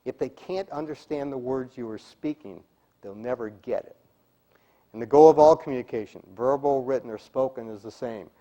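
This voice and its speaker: A middle-aged speaking coach with a mellow, medium-pitched voice runs a speaking-skills seminar for a live group at a moderate pace. He's emphatic and demonstrates delivery, sometimes dropping to a whisper to make a point.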